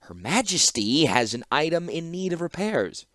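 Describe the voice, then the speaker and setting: A man reading an audiobook, voicing a fawning, rapid-talking male clockmaker. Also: mid-range voice, wildly swooping pitch, no echo, clean studio sound, voice pushed up. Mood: flustered. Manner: rapid, gushing, obsequious. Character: fawning middle-aged male clockmaker, groveling.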